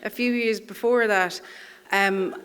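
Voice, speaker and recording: A woman's voice: mid-range voice, fairly even intonation, slow, a bit bright, smooth. A woman telling a personal story live on a theatre stage, in a wry, self-deprecating way, chuckling through her lines.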